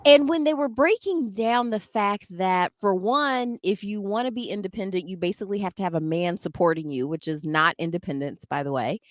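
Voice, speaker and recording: A woman co-hosting a casual chat podcast, animated and laughing as she acts out quotes. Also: medium pitch, brisk, hardly any pauses, dry recording, studio quality. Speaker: podcast co-host.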